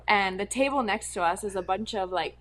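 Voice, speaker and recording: A woman's voice: medium pitch, a little fast, fairly bright tone, slight background noise. Bubbly, chatty young woman. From Hawaii. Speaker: podcast guest. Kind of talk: casual interview chat.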